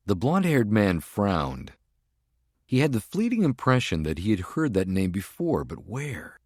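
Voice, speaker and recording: Low-voiced man narrating a thriller audiobook. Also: huge pitch swings, unhurried, darkish tone, no echo, clean studio sound. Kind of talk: scripted narration.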